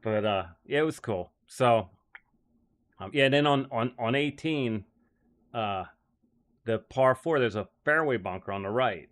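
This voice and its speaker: A man's voice: mid-range voice, measured pace, pauses often, a bit bright. A man telling casual stories about his time as a caddie. He rambles, says "like" often and laughs as he goes. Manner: rambling, heavy use of "like", frequent laughs. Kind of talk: casual storytelling.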